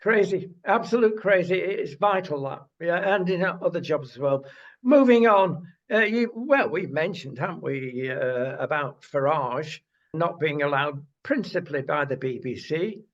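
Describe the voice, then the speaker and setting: A man's voice: on the high side, a little slow. A man co-hosting a casual current-affairs chat, opinionated and rambling with lots of uhs. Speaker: co-host. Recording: dull lo-fi sound.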